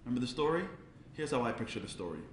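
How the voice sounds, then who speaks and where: New guy telling a funny story at a charity event, gets loud and animated, echoey hall, bit of background noise. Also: mid-range voice, racing. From Brooklyn, New York. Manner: animated, acts out voices, builds to loud peaks. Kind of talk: comic storytelling speech.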